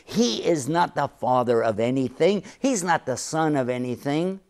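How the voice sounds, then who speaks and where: A man's voice: on the high side, animated, normal speed, a little mellow. A man, a sheikh who is a guest on the show, explaining his faith in an earnest, emphatic way and repeating key phrases. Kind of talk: religious teaching in an interview.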